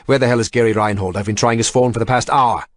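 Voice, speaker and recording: A man's voice: mid-range voice, big pitch swings, moderate pace. A man doing a growling, furious industrial boss. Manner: growling, blunt, swearing. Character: powerful older male industrialist, furious.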